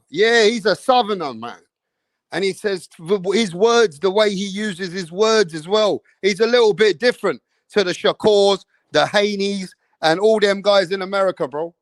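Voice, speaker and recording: A man hosting a live boxing stream, talking in a streetwise, slang-heavy way and keeping up a steady chat straight to the viewers. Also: high-pitched, dry recording. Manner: streetwise, slang-heavy, keeps saying bro and bruv. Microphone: streaming setup mic.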